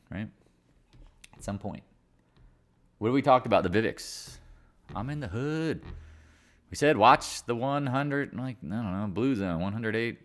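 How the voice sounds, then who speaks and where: Rambling, joking man on a market stream. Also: fairly low pitch. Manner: joking, rambling, laughs at own jokes; sings and mimics other traders in silly voices. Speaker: market chat host. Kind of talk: casual live-stream market commentary.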